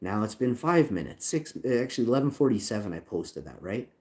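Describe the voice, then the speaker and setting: Furious about a support chat, a man livestreams a complaint, cursing, going over the same points and quoting the chat out loud. He speaks fairly quickly in a mid-range, darkish voice with big pitch swings.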